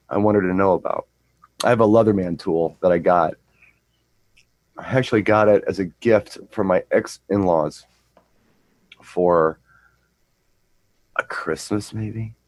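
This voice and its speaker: Low-voiced man telling a rambling story. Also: measured pace, long pauses, darkish tone, dry recording, low-quality recording. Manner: rambling, repeats words, anecdotal. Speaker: co-host and DJ. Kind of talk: casual chat, storytelling.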